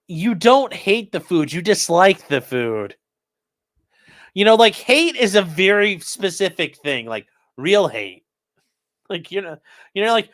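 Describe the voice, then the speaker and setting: A man hosting a live stream, reading chat aloud and answering with sarcastic commentary and sudden shouted mock voices. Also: sits high, sing-song, measured pace, dry recording.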